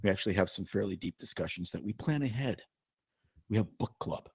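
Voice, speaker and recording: A man's voice: fairly low pitch, animated, fairly quick, gravelly, a little mellow, breathy edge, no echo. A man co-hosting a casual podcast, telling rambling jokes and stories. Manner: joking, rambling storyteller. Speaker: podcast co-host, doctor. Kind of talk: casual chat.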